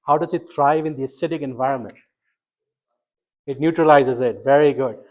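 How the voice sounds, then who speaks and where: A middle-aged man with a medium-pitched voice and moderate pace teaches a medical school class in an interactive lecture, quizzing students and explaining things step by step with emphatic energy.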